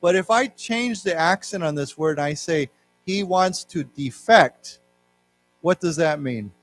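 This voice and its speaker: Male English teacher at a library talk, slightly high-pitched, explains words and has the class repeat them. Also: lively intonation, moderate pace, soft background music. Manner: explains word meanings, leads class repetition. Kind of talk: live English lesson for learners. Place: library lecture room.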